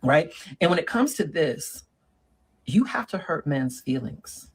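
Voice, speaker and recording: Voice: mid-range voice, very animated, unhurried, slightly rough, full character voice, rough recording. A performer playing a sassy middle-aged woman who lectures on dating in a comedic monologue and keeps calling the listener girl and honey. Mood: sassy lecturing. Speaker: relationship advice monologue.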